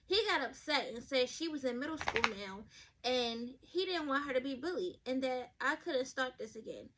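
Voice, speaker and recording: A woman's voice: high voice, lively intonation, normal speed, heavy background noise. A woman hosting a podcast, reading advice stories aloud and giving blunt, profane, chatty takes straight to her listeners, sometimes stumbling over words. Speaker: podcast host.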